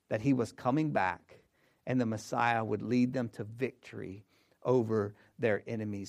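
Male pastor, sermon delivery, emphatic with hushed and loud swings, repeats key lines. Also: mid-range voice.

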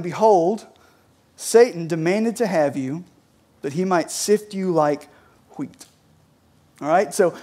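A man's voice: high voice, a little mellow. A young adult man in the States, a pastor giving a casual, conversational sermon in a church, often checking in with "right?". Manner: chatty, peppers talk with "right?" and "like". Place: church sanctuary.

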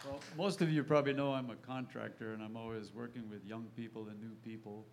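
A man's voice: mid-range voice, quick pace, background noise. A man who works as a contractor, telling a faith story to a church group and acting out the people in it. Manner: lively storyteller, acts out quoted voices. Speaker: contractor sharing a testimony. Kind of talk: storytelling testimony.

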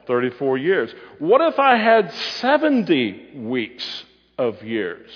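A man with a high-leaning, breathy voice and huge pitch swings speaks slowly while preaching a Bible-teaching sermon. He quizzes his audience and answers his own questions, captured in a muffled hall recording with long reverb.

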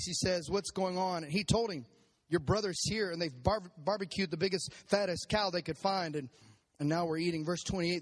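A male pastor giving a sermon at a church service, animated and prompting his congregation to repeat lines back to him. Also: high-pitched. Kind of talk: sermon with congregation call-and-response.

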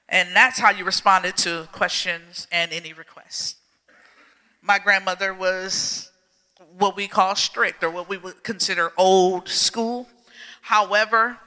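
A man preaching a sermon in a church, telling stories in a slow, emphatic, folksy way. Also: sits high, pushed and bright. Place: church sanctuary. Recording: long reverb of a church hall.

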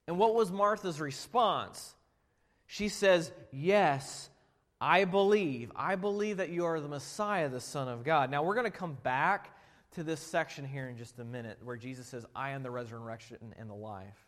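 A man preaching a sermon as pastor, shifting between loud emphatic passages and quiet storytelling. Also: on the high side, normal speed. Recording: long hall reverb.

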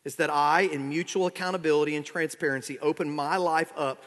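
A male pastor delivering an expository sermon in a slightly higher voice, dropping to soft asides and rising into pointed exhortation. His words ring out with a long reverb from a large hall. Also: steady tone, brisk. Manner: expository preaching, swings from quiet asides to emphatic exhortation.

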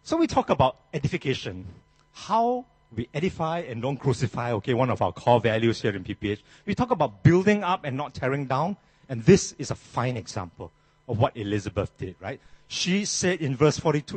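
A male pastor delivers a sermon with a husky, slightly rough tone and a pitch that rises and falls widely. He preaches emphatically, often restarting phrases. The sound is dry and close. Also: very animated, fairly quick, a little mellow, no echo.

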